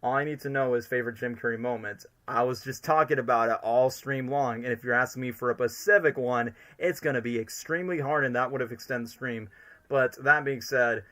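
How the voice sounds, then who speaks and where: Bright-voiced enthusiastic male streamer. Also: medium pitch, a little fast. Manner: enthusiastic, rambling, fills every sentence with "literally" and "like". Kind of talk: casual fan commentary on a live stream.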